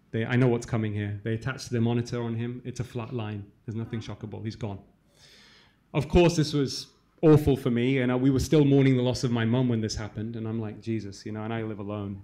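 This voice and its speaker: A man from England, a cardiologist, telling a personal story to a live audience in a fast, conversational way, dropping to a hushed voice in the sad parts. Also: medium pitch. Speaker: cardiologist speaker. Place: conference hall.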